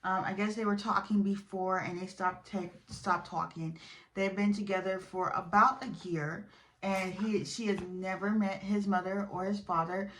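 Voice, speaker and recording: A woman giving a casual, opinionated recap of a reality show, chatty and full of fillers, getting animated when she is indignant. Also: mid-range voice, normal speed, a little hiss or hum.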